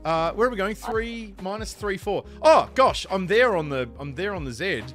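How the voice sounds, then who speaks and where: Bright lively guy streaming a speedrun, yelps and laughs a lot, bit of music behind. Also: high-pitched, moderate pace. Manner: excitable, yelps and laughs at in-game scares. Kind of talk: casual Minecraft speedrun stream chat.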